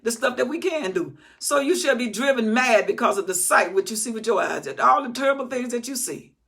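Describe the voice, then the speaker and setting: A woman's voice: fairly high pitch, animated, fairly quick, gravelly, a bit bright. A woman teaching the Bible in an emphatic, scolding, repetitive way.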